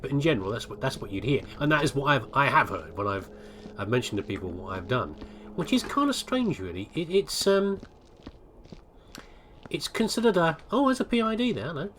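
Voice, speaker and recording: A man's voice: mid-range voice, slight background noise. An older English man talking over gameplay in a rambling, casual and self-deprecating way, often stopping to restart a sentence. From England. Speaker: gaming video host.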